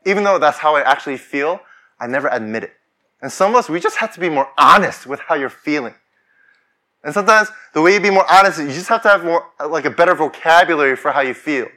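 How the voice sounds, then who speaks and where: Bright-voiced man preaching a sermon. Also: a little high, expressive, fast. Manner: conversational preaching that rises to fervent declarations. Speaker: pastor.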